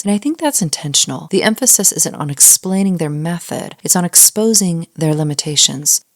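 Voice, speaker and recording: A woman with a deep, low-pitched voice walks listeners through ancient sources on a scripted teaching podcast. She explains things in plain terms and slips in dry, joking asides. The sound is close and dead, with no room around it. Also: dry recording. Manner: explanatory, with wry humorous asides. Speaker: podcast host teaching on the Bible.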